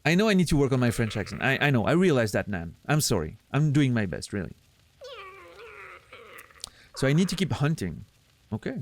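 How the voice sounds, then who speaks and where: A man streaming a game, chatting casually in an excitable, laughing, self-deprecating way. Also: mid-range voice, fairly quick, long pauses. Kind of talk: casual gameplay chat.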